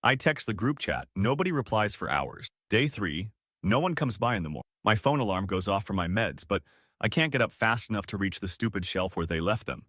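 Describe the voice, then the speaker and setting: A man's voice: on the low side, animated, a little fast, a bit bright, dry recording, clean studio sound. A man reading a first-person online story aloud in a casual, conversational way.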